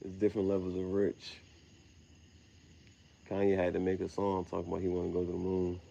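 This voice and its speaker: A man's voice: deep voice, completely flat delivery, a little fast, creaky, mellow, highs cut off, slight background noise. A young man rambling casually outdoors at night, slangy and meandering, laughing at his own words. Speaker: vlogger. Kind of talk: rambling late-night monologue.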